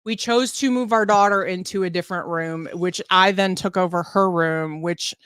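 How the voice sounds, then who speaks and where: A woman co-hosting a casual live-stream chat, chatty and quickly losing her train of thought. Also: on the low side, a bit bright, smooth, no room sound. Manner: chatty, easily sidetracked, laughing. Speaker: co-host.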